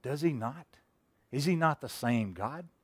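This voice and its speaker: Male pastor, folksy sermon storyteller, mid-pitched, dry close recording. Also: expressive, unhurried, breathy edge, no room sound. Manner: folksy storytelling preacher, rhetorical questions, swings between loud and hushed.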